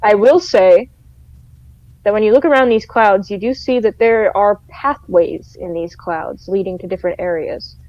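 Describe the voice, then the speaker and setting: A woman narrating as game master of a tabletop game over voice chat, casual and drawn out with pauses. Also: medium pitch, dry recording, dull audio.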